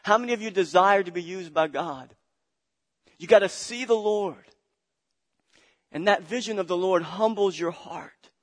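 A man's voice: high-pitched, moderate pace, pauses often. A male pastor preaching a sermon, building with passion, repeating phrases and calling on the congregation to answer. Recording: long hall reverb.

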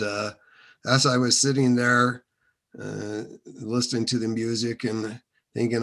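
In a fairly bright voice of medium pitch, a man recounts his faith journey as a guest in an interview. The account is informal and meandering, peppered with fillers and many restarts.

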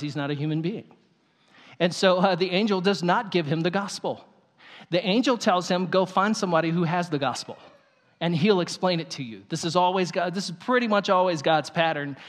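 A male pastor preaching a sermon, telling the story in an animated way with quick asides. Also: sits high. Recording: long hall reverb.

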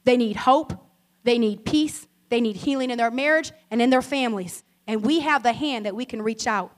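A woman pastor preaching a sermon, telling stories in a chatty way with asides to the congregation and building to animated preaching emphasis. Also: fairly high pitch.

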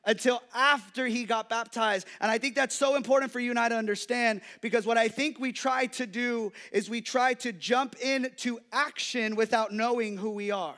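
A young adult male pastor preaching an energetic sermon, joking and calling out to the congregation. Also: very high-pitched, moderate pace, few pauses. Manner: energetic, playful preaching with audience call-outs.

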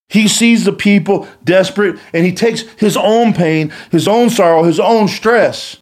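A man giving a casual, animated Bible teaching in colloquial speech. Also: high voice, unhurried. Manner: animated, colloquial, acts out quotes. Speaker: guest speaker.

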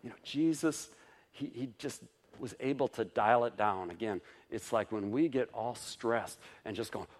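A male pastor preaching a sermon in an informal, conversational way, with lively ups for emphasis, soft asides and frequent chuckles. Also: mid-range voice, normal speed.

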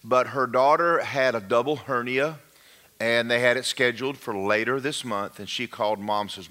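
A man's voice: medium pitch, moderate pace, bright, forceful tone. An older man, a pastor giving a folksy, rambling informal sermon talk. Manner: folksy and rambling, often restarting.

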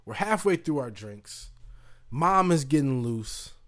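A man's voice: medium pitch, big pitch swings, takes it slowly, fairly bright tone. A man hosting a podcast, telling a casual story loosely with lots of fillers and swearing, acting out other people's voices. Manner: loose, profane, full of fillers, acts out voices. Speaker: podcast host.

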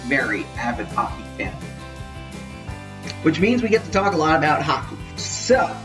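A man's voice: on the high side, big pitch swings, moderate pace, distant mic, over music, rough recording. Jokey male sports podcast host. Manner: jokey, rambling, self-correcting. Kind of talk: casual sports podcast talk.

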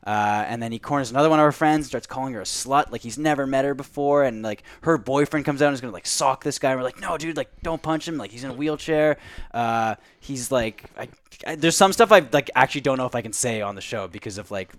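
A man's voice: mid-range voice, fast, no room sound. A young man in his twenties, a podcast co-host, telling a long anecdote in casual chat, with lots of "like" and "uh".

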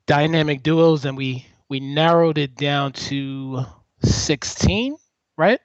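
An animated man co-hosting a podcast, joking and restarting his sentences as he talks. His voice sits a little high, and the recording is dry and dull, a bit lo-fi. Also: slow, no echo. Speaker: podcast co-host. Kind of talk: casual chat.

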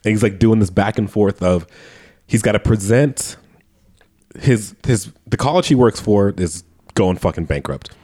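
A man with a somewhat low voice chats through a film's plot on a podcast. He laughs often as he retells scenes, swearing freely in a loose, casual way. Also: moderate pace, dark tone. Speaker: podcast co-host. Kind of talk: casual movie-review chat.

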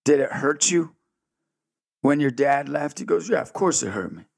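A man's voice: mid-range voice, gravelly, no echo. A man guest telling a story with lots of energy in an interview, acting out both sides of the dialogue. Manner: energetic, fast-shifting, acts out dialogue. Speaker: guest, ministry founder.

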